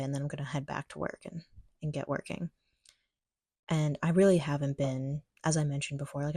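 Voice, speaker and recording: A woman's voice: low voice, dark tone, no room sound, studio quality. A young woman telling a personal story in a casual vlog, chatty and full of "like" fillers, acting out her own thoughts. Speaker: vlogger.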